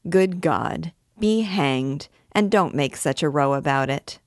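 A woman's voice: low voice, expressive, slow, dry recording, studio quality, heavily acted. A woman voicing a haughty, savage male beggar king who speaks in a mocking, menacing way while reading a classic novel aloud.

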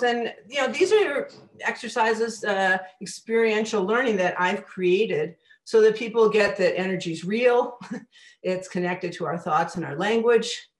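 A woman coaching a group in a live workshop, energetic and demonstrative as she walks them through movement exercises. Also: mid-range voice. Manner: energetic, demonstrative, talks with gestures. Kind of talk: live presentation with audience exercises. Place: presentation room with a group. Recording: echoey room, mic far off.

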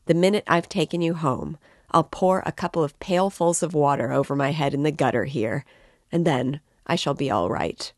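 A woman reading the part of an excitable, tipsy young man who rambles and declaims with passion. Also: low voice, normal speed, no room sound, studio quality. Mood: rambling. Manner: impassioned, rambling, emphatic.

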